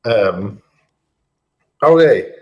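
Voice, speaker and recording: A man's voice: fairly low pitch, animated, extremely slow, highs cut off. A man hosting a casual livestream town hall, chatty and rambling with many fillers and restarts. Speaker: host.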